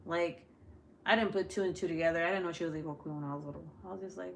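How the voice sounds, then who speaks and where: A woman's voice: on the low side, steady tone, fast, gravelly, a little hiss or hum. A woman chatting casually with her viewers during a live stream, talking loosely, laughing a lot and swearing freely. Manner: chatty and profane, laughs often. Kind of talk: casual chat.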